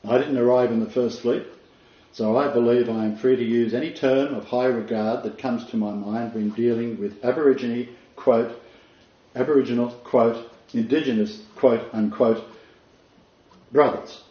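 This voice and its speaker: A man giving a Bible lesson, reading quotes slowly and repeating key words for emphasis. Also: medium pitch, steady tone. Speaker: Bible teacher. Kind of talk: teaching talk, reading quotes aloud. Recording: roomy, slightly dull sound.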